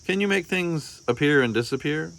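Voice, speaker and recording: A man's voice: a little high, expressive, moderate pace, vocal fry, fairly bright tone, voice pushed up. A man voicing a cheerful, patient mother anteater in a storybook reading, with a coaxing, sing-song manner. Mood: playful. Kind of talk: storybook read-aloud.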